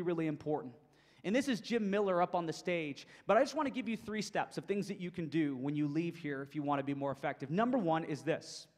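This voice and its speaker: Speaking to coaches, a motivational speaker gives an energetic keynote presentation in a high, bright voice, driving his points home through emphatic repetition. A long reverb suggests a large hall.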